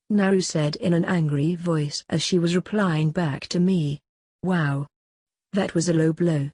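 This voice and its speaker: A woman narrating a first-person story in a plain, even reading. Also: fairly low pitch, unhurried, no room sound. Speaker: audiobook reader.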